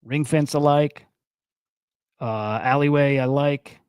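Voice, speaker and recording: A young man hosts a casual crypto and NFT news stream, rambling loosely, swearing, and getting more worked up as he goes. His medium-pitched voice is clean and fairly even in intonation, and he speaks slowly. The recording is dry but muffled.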